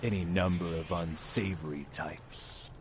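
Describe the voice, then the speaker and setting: An actor playing a smug, condescending extortionist who threatens a shopkeeper in a video game, speaking in a slow, deliberate, patronizing way. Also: male voice, sits low, steady tone, background noise. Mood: threatening. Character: menacing adult male extortionist, smug and condescending. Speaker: protection-racket villain.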